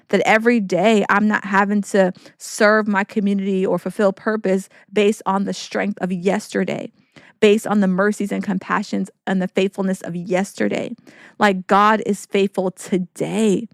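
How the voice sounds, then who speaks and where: A woman's voice: medium pitch, no echo, clean studio sound. A woman hosting a faith-based podcast, talking in an earnest, encouraging way with preacherly repetition. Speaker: podcast host.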